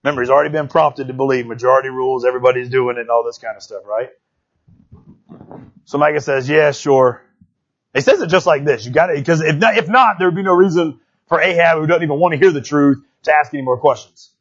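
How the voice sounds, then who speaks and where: Male preacher, chatty and animated, high husky voice, kinda lo-fi. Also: fast talker. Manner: animated and conversational, keeps asking "right?". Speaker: pastor. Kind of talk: sermon.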